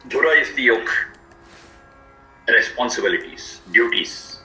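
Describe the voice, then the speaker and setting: Man, bright sharp voice, patient word-by-word teacher, roomy echo, faint music behind. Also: mid-range voice, animated. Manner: slow, repetitive word-by-word explanation. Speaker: Vedic teacher. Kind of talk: explanatory lecture.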